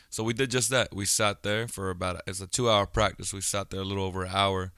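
A man's voice: deep voice, steady tone, fast talker, hardly any pauses, bright, forceful tone, smooth, no room sound, clean studio sound. A man in his thirties talking casually on his own podcast, a blunt storyteller who swears freely. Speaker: podcast host. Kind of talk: casual solo podcast monologue.

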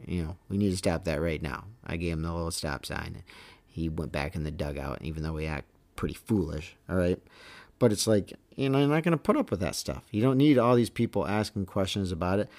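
Low-voiced emphatic veteran umpire. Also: male voice, lively intonation, brisk, darkish tone. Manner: emphatic, keeps checking in with "okay?" and "all right?". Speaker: veteran baseball umpire, podcast host. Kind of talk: casual storytelling monologue.

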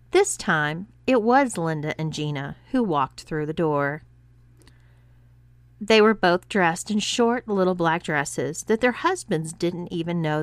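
A woman reading an erotic story aloud as narrator, voicing every character with lively pitch shifts. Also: no echo.

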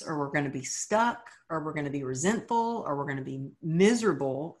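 A woman from Texas in her thirties, a guest telling her story earnestly in an interview and acting out the dialogue. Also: low-pitched. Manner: earnest, animated retelling of dialogue. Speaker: guest, author.

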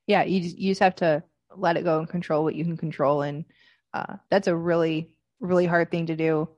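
A woman as a podcast guest, chatting casually and getting animated when she retells conversations. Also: on the low side, brisk, no room sound, muffled recording.

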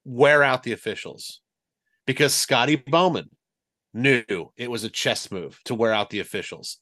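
A man's voice: mid-range voice, a bit bright. A man co-hosting a sports podcast, rambling and explaining with lots of "you know" and "like". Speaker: podcast co-host, sports reporter. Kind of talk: casual sports podcast chat.

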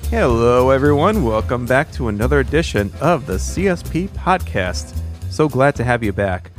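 A man hosting a speech pathology podcast, talking in a relaxed, chatty way with musing asides. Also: mid-range voice, normal speed, faint music behind. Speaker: podcast host. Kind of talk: podcast intro and interview.

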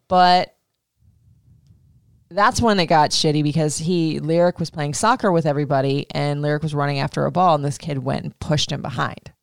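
A middle-aged woman hosting a casual chat, telling a story with swearing and lively acted-out quotes. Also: sits low, vocal fry, no room sound, clean studio sound. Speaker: podcast host.

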